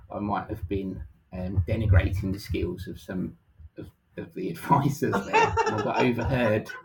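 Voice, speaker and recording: A middle-aged man speaking as an interview guest, relaxed and casual, with many hesitant ums. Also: fairly low pitch, gravelly, rough recording. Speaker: guest, financial planner.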